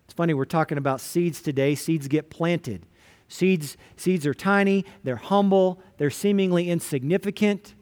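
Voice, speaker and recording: Pastor, man, higher voice, relaxed storytelling sermon style. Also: moderate pace. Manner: casual storytelling, retelling scripture in everyday words.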